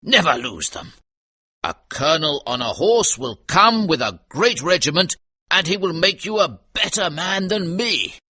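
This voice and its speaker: A man's voice: on the high side, sing-song, measured pace, sharp tone, breathy edge, no echo, voice pushed up, full character voice. A British man playing a drunk army sergeant father. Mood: prophetic. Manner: grand and prophetic. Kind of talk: audiobook character reading.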